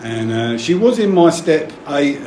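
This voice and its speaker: A middle-aged man with a slightly high, very animated voice gives a personal share at a recovery meeting, speaking unhurriedly and warmly. He rambles, swears freely, and opens up candidly with some emotion. The room is echoey, with noise in the background.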